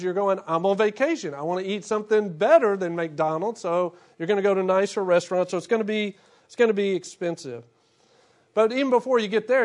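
A middle-aged man preaching a casual, humorous sermon, acting out little asides. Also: high-pitched. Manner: humorous, animated storytelling with acted-out asides. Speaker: pastor. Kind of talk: conversational sermon.

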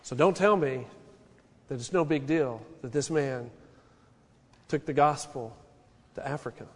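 A man preaching a sermon as pastor, with a passionate delivery that swings between quiet stretches and loud rising peaks. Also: medium pitch, measured pace, husky, in a large hall.

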